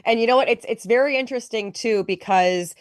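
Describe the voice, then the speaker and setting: A woman from Chicago, a guest commentator in an interview, talking in a chatty, animated way with many fillers. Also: fairly high pitch, fairly quick, dry recording, clean studio sound. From Chicago, United States. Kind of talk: interview conversation.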